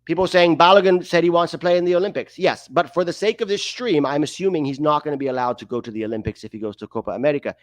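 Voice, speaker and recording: A man's voice: a little high, quick pace, few pauses, no echo. A man hosting a livestream, giving emphatic, opinionated sports commentary and often tossing in rhetorical questions. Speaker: host of a soccer livestream.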